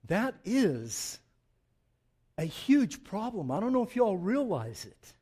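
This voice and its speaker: High-voiced preaching man. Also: very animated, slow pace, husky. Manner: swings from loud emphatic preaching to low asides; joking, conversational. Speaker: pastor. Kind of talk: sermon.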